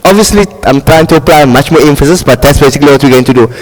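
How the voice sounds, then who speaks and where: South African male recitation teacher, high-pitched, heard in a reverberant hall; interactive classroom delivery. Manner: checks in with students constantly, models slow drawn-out recitation. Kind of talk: classroom tajweed lesson.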